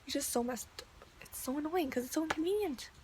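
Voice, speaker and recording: A woman's voice: sits high, fast talker, background noise. A young woman ranting in a video diary, chatty and exasperated, with lots of "like". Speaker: vlogger.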